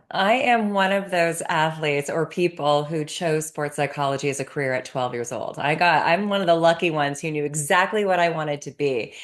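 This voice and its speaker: A middle-aged woman from Canada answers interview questions with the energy of a storyteller. Her voice sits low, and she breaks into laughter as she talks. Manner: animated storyteller, laughs often. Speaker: guest, sports psychologist.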